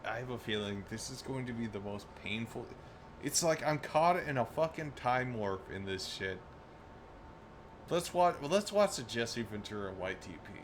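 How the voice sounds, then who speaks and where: Ranting on a live stream, this man curses constantly, breaks into laughter mid-sentence and stumbles over restarts and repeated words. His voice is medium-pitched at normal speed, and there's a little background noise.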